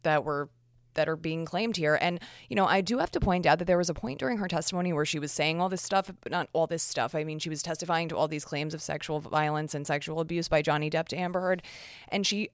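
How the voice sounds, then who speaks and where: A woman's voice: on the low side, smooth, dry recording, clean studio sound. A woman hosting a casual commentary podcast, talking frankly and chattily with lots of fillers and restarts. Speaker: podcast host.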